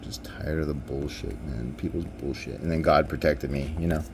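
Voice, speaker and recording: A man's voice: extremely low pitch, moderate pace, vocal fry, darkish tone, a little hiss or hum. A young man ranting in a rambling, profane, exasperated way as host of his own motorcycle vlog. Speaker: motovlog host.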